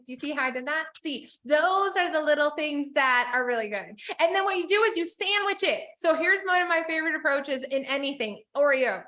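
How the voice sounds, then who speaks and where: A woman's voice: high-pitched, animated, a little fast, hardly any pauses, pushed and bright. A woman business coach teaching a live group in a chatty, upbeat way, with lots of "like"s and frequent laughs. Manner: chatty, upbeat, filler-heavy with many "like"s.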